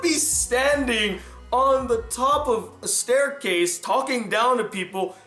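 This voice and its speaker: A man giving an animated, exasperated film review rant, swearing often. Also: very high-pitched, moderate pace, reverberant, soft background music. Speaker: film critic.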